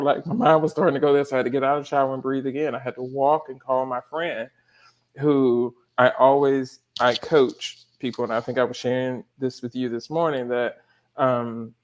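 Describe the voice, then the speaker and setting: Man, life coach, guest, casual spiritual chat, animated storyteller, laughs a lot. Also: mid-range voice.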